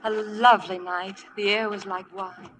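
An actress playing a shy, stammering young heroine. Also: female voice, mid-range voice, level tone, measured pace, fairly bright tone, slight background noise, close to an everyday voice, poor audio. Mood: wistful. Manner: stammering, hesitant. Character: shy, timid young woman narrator, poor and awkward. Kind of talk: 1940s radio drama acting. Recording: old radio broadcast with music behind.

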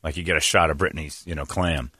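A man's voice: extremely low pitch, fairly even intonation, quick pace, bright, forceful tone, slightly rough, dry recording, studio quality. A man hosting a comedy podcast, ranting in a crude, sarcastic and emphatic way. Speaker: podcast host. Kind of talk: casual comedic rant.

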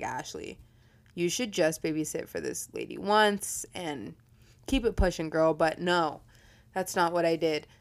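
A woman's voice: on the low side, a little mellow. A young woman hosting a casual storytelling podcast, chatty and profane, laughing often as she talks. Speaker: podcast host.

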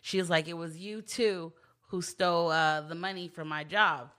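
Bright-voiced woman recapping a show. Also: lowish voice, fairly even intonation, moderate pace. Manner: retells scenes by quoting characters. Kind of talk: casual chat recapping a show.

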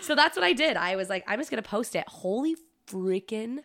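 A woman's voice: fairly high pitch, animated, a little fast, a bit bright. A woman co-hosting a podcast in casual chat, telling stories in a bubbly way with lots of fillers. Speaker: podcast co-host.

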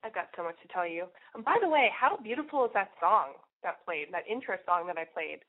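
A woman's voice: medium pitch, lively intonation, brisk. Sniffly, crude young woman podcast host. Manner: crude, rambling, lots of "like" and swearing. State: congested, sniffly and nasal from a cold. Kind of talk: brash confessional monologue. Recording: tinny phone-like audio.

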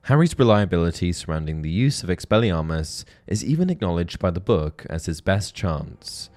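A man's voice: low-pitched, big pitch swings, moderate pace, a little mellow. A man giving scripted video-essay narration, earnest and analytical, reading book passages aloud. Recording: faint background music.

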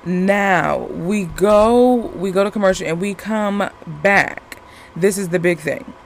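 A man's voice: sits high, takes it slowly, gravelly, slight background noise. A man casually recapping a TV episode, rambling with lots of fillers and restarts.

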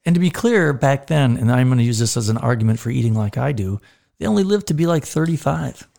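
A man's voice: medium pitch, lively intonation, quick pace, creaky, warm tone. A man doctor co-hosting a podcast in casual chat, cracking jokes and cutting in on his partner. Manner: jokey, interrupting, wisecracking.

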